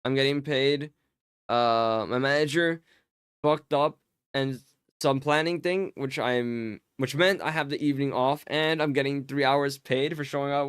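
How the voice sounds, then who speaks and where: A man's voice: mid-range voice, unhurried, pauses often, a bit bright, clean tone, no room sound, studio quality. A man streaming a game live, chatting casually with his viewers and teasing them with mock offense. He often stammers and repeats words as he jokes. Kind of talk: casual live-stream chat while playing.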